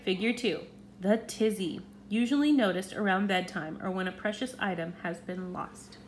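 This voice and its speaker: A woman reading a children's storybook aloud in an expressive, animated way. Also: mid-range voice, moderate pace, a little hiss or hum.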